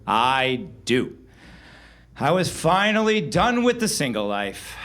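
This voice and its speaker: Man, lively pitch, slightly high voice, live stage storytelling. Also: takes it slowly, a little hiss or hum. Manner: wry, animated delivery with sudden loud outbursts. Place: live show venue.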